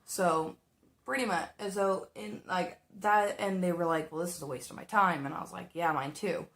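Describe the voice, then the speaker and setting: A woman's voice: lowish voice, steady tone, normal speed, fairly bright tone. A woman telling a work story while doing her makeup, chatty and exasperated, acting out the dialogue. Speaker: makeup vlogger.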